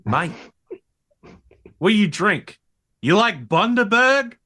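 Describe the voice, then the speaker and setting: A man's voice: high voice, sing-song, slow pace, bright, forceful tone, voice pushed up, heavily acted. A man voicing a brash, mulleted Australian bogan soldier with a put-on Australian accent, drawling and full of mates. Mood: hospitable. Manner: drawling, mate-heavy.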